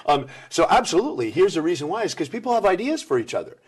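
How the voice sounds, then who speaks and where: A middle-aged man giving energetic interview answers about workplace communication, acting out the people he quotes. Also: sits high, fast talker, husky. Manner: animated, acts out quoted people.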